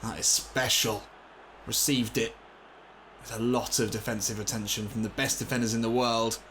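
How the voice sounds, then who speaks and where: A man commentating on his own football video game session, excitable and swearing, shouting when things go wrong. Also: mid-range voice, moderate pace, a little hiss or hum. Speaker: gaming commentator.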